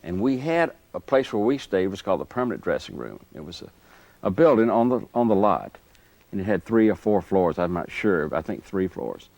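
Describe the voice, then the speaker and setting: A man being interviewed, telling lively anecdotes and chuckling as he goes. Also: deep voice, brisk, gravelly, dry recording. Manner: animated anecdote teller, chuckles through stories. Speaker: interview guest. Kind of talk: storytelling reminiscence.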